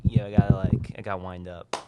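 A low-voiced man from Long Island sitting in as a podcast guest, giving short, laid-back answers. Faint noise and clicks sit under his voice. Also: level tone, brisk, dull audio. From Long Island, New York. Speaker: guest, roommate. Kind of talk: casual chat.

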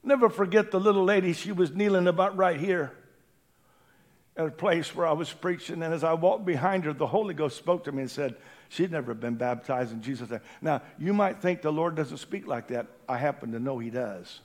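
A man preaching a sermon in a church, impassioned, swinging from hushed tones to shouting. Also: a little high, a little fast. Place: church building during a service.

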